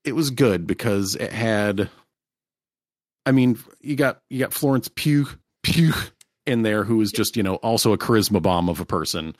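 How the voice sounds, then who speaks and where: A man's voice: fairly low pitch, expressive, normal speed, dry recording, studio quality. A man co-hosting a podcast, chatting casually in a rambling way with frequent restarts and easy laughs. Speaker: podcast co-host. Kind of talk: casual chat.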